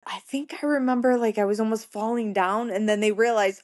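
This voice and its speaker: Woman, podcast guest, earnest, plainspoken, repeats herself for emphasis, medium pitch. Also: steady tone, a little fast, hardly any pauses, a little mellow. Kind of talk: recounting a personal story in conversation.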